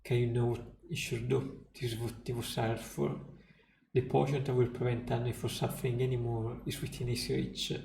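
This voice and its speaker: A male streamer reading a game story aloud in a steady, measured way. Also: medium pitch, vocal fry, slight background noise. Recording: roomy echo, faint music.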